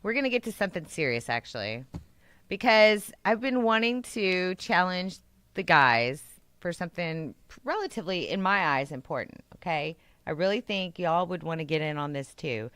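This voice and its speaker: Playful woman co-host, lively pitch. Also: normal speed, smooth, no room sound. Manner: playful, laughing often. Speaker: radio show co-host. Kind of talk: casual chat.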